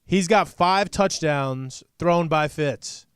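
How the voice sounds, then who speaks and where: A man's voice: on the high side, slow, clear, resonant tone, dry recording, studio quality. A man co-hosting a sports podcast in casual chat, blunt and sarcastic, often mimicking fans.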